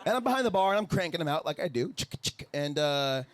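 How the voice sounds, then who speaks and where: A man's voice: a little high, fast talker, very noisy. A man in his thirties from the Minneapolis area, performing a live stand-up set and acting out the people in his stories. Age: 30s. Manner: animated storytelling, acts out coworkers and customers. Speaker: stand-up comedian. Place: outdoor live comedy show with audience laughing.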